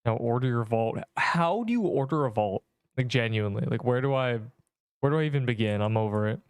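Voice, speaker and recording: A man's voice: mid-range voice, lively intonation, brisk, clean tone, no room sound. A man streaming a game, chatting casually and rambling in exasperated banter with his viewers, full of slang. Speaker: gaming streamer. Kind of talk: casual livestream chatter while playing.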